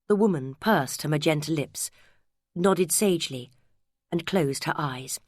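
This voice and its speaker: Woman reading a novel aloud, lowish voice, dry close mic, measured and wry. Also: a little mellow, no room sound. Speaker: audiobook narrator. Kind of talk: scripted narration.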